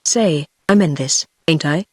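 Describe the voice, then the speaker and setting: A man's voice: on the high side, measured pace, no echo, clean studio sound. Synthetic voice as a sulky male gunman. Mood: grumbling. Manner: whining, grumbling. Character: sulky male hired gunman, vain and resentful. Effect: text-to-speech.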